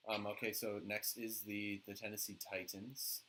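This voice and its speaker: A man co-hosting a sports podcast in casual chat, relaxed and steady as he leads each segment. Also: fairly low pitch, moderate pace, a little hiss or hum, poor audio. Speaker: podcast co-host.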